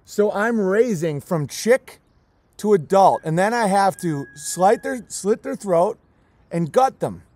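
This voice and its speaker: Slow and close to tears, a man who keeps goats and chickens delivers an emotional, emphatic vlog rant, hammering the same words again and again. His voice sits high with a darkish tone and lively intonation, and there's no echo.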